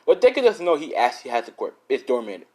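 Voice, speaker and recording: A man's voice: mid-range voice, very animated, quick pace, darkish tone. A young man casually improvising a fan story, rambling, swearing and correcting himself as he goes.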